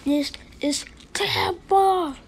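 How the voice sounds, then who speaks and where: A woman voicing all the cats in a playful homemade cartoon, excitable, with frequent shrieks and silly sound effects. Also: very high voice, slow, background noise. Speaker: amateur animator voicing all characters.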